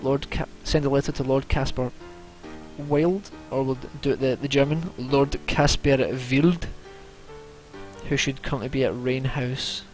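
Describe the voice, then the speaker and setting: A man's voice: mid-range voice, steady tone, normal speed. A young man giving chatty, casual commentary as he plays a video game at home, muttering to himself as he goes. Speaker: let's play gamer. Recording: game music loud behind.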